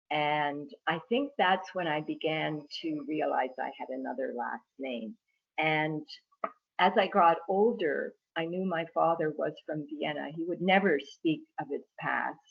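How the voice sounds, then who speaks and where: A woman from Ireland, a guest author, speaking and reading from her book in a measured, reflective way over a video call. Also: low voice, creaky, husky, muffled recording.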